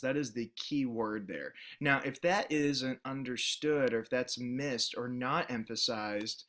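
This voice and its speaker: Male instructor, bright tense voice, steady mid pitch, patient explanatory lecture with ums. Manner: explanatory, frequent fillers. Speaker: journalism instructor. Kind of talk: recorded classroom lecture.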